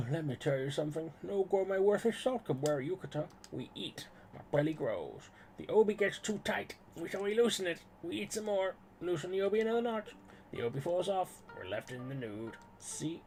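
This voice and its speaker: A man's voice: sits high, sing-song, normal speed, darkish tone, distant mic, slight background noise, voice pushed up. A man voicing a pompous, boastful male student gourmet in a video game, speaking in a grand, declaiming way. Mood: grandiose.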